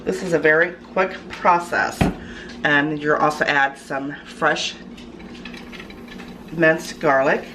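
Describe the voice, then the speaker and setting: Chatty low-voiced woman cooking at home. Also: fairly even intonation, slow pace, long pauses, background noise. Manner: chatty, with many ums and restarts. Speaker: cooking channel host. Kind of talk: casual cooking demonstration. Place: home kitchen, food sizzling in a pan.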